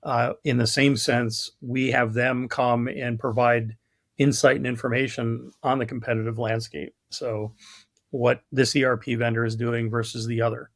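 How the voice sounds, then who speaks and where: A man's voice: medium pitch, flat delivery, normal speed, vocal fry, a bit bright. A man from New York, a guest in a casual podcast conversation, telling stories and jokes with a cynical, self-deprecating humor and acting out the voices. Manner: storytelling, acts out voices in jokes. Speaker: guest, product marketing lead.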